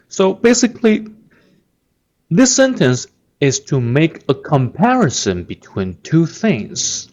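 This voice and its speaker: A man's voice: on the high side, wildly swooping pitch, slow, a little mellow, dull audio. A man teaching a grammar pattern, patiently repeating and stressing example phrases and often checking with "right?". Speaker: Chinese language teacher.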